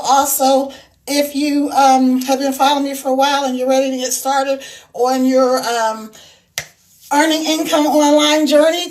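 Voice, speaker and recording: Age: adult. Sex: woman. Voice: high-pitched. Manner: chatty. Style: casual livestream chat. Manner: chatty, greets viewers, laughs often; walking around while talking. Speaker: livestream host.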